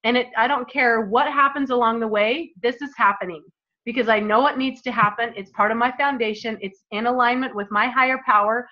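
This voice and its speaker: A woman's voice: a little high, fairly even intonation, a little fast. A woman in her thirties leading a team call, giving an emphatic, emotional motivational talk. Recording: dull lo-fi call audio.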